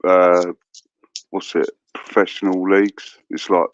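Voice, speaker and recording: A middle-aged man on a phone call, talking casually in a rambling, halting way, full of fillers and swearing. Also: low-pitched, little pitch movement. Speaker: guest caller. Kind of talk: casual chat.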